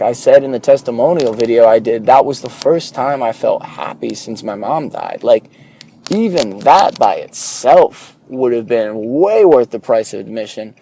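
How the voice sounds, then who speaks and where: A young man records a candid podcast monologue from his car during the morning commute. His voice is mellow and warm, at an ordinary middle pitch, and he talks with earnest openness, dropping in a swear word here and there. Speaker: podcast host. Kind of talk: casual solo podcast monologue.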